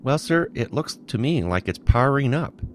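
A man's voice: mid-range voice, normal speed, a little hiss or hum, voice pushed up, lightly acted. A man doing a jumpy junior officer, voice raised. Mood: eager. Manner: excited, then sheepish. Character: nervous junior male sensor officer.

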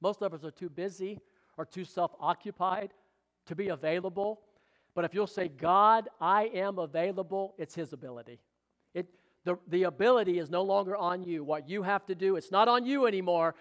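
A middle-aged pastor with a drawl preaches in a fairly high voice. He calls out for amens and teases people in the pews between points. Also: a little fast. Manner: exclamatory, calls for amens and jokes with the congregation. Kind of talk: sermon.

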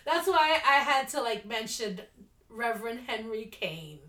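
A woman's voice: on the high side, big pitch swings, unhurried, sharp tone. Podcast co-host, woman, laughing storyteller, recorded in a roomy space. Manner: rambling storyteller, laughs often. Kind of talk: casual chat.

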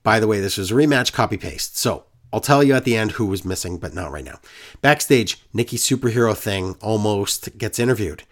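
Sarcastic man ranting with lively swings. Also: fairly low pitch, a little fast. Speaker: wrestling podcast co-host. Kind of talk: casual recap chat.

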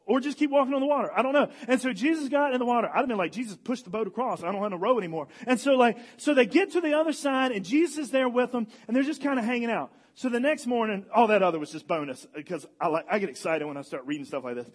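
A man's voice: very high voice, fast, few pauses. A young man giving a casual, joking sermon as a guest speaker, acting out the people in the story as he retells it. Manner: animated, joking storyteller, acts out quotes.

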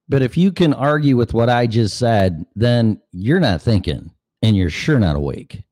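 A man's voice: mid-range voice, very animated, moderate pace, darkish tone, no echo, clean studio sound. A man hosting a show, ranting sarcastically and cursing, now and then acting out other voices. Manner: acts out voices mid-rant. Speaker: show host. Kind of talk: opinion monologue.

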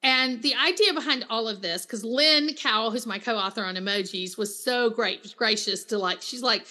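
A middle-aged woman with a high, bright voice talks through her work as a counselor in a casual interview. She is chatty and animated and slips into quoted voices as she tells stories. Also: normal speed, hardly any pauses. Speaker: Christian counselor and author, guest.

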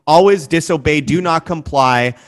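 A man hosting a talk show, speaking in a forceful, preachy way and swearing at times. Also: on the high side, moderate pace. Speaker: show host. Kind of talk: impassioned commentary.

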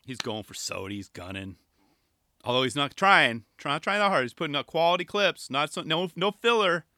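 A young man giving casual solo commentary on skateboarding, excitable and rambling, firing off rhetorical questions. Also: a little high, brisk.

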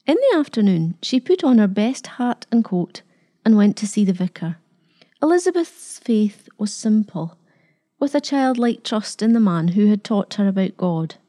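A woman narrating a story in a calm, measured way. Her voice is warm and mellow at a mid pitch. The reading stays steady. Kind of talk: scripted narration.

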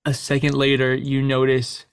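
A man running a tabletop game as game master, describing scenes in a loose, unhurried way with frequent fillers. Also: mid-range voice, completely flat delivery, clean tone, dry recording, clean studio sound.

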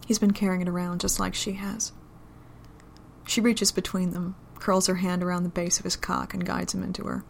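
A woman reading an adult romance story aloud in a low, intimate, steady manner. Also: normal speed, vocal fry, slight background noise. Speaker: narrator.

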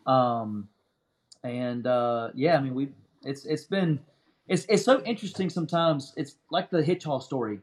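A man's voice: mid-range voice, unhurried. A young adult man talking in an easygoing, chatty way as a guest in a casual interview.

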